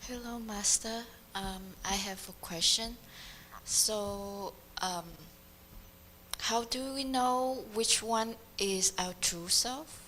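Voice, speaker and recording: A woman in the audience asks her question slowly and hesitantly, pausing often. Her voice is bright and rather low, and a faint hum runs underneath. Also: low-quality recording. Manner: hesitant, many fillers. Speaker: audience member asking a question.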